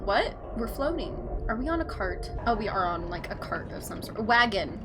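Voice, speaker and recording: A young woman in her twenties giving excitable, giggly reaction commentary on a show, laughing and getting emotional as she watches. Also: mid-range voice, moderate pace, background noise. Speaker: reaction vlogger.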